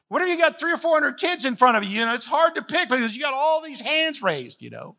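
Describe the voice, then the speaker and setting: A man's voice: very high voice, sing-song, brisk, gravelly, few pauses, bright, forceful tone. A man preaching a sermon as the pastor, folksy and emphatic, repeating phrases to drive points home.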